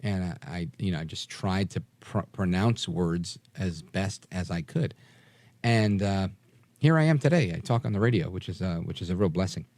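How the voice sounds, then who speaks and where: A man in his forties from New York, with a mostly softened New York accent, hosting a late-night talk radio show in an emphatic, energetic manner with frequent fillers and restarts. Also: sits low, moderate pace, no room sound. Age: 40s.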